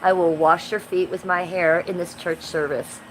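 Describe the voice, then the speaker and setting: A woman in her fifties chats casually on a livestream in a brash, profane, rambling way, her lowish voice moving at normal speed. The low-quality recording carries steady background noise.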